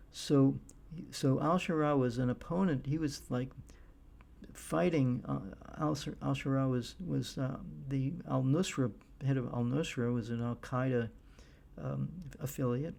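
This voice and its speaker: A middle-aged man giving casual monologue commentary, halting often with fillers and restarts. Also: medium pitch, steady tone, vocal fry, a little mellow. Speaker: political commentator.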